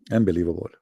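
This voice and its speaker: A man's voice: deep voice, vocal fry, a little mellow, husky, no room sound, studio quality. A man hosting a live call-in debate in a mocking, sarcastic way, his voice worn out from talking for hours. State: tired, worn-out voice.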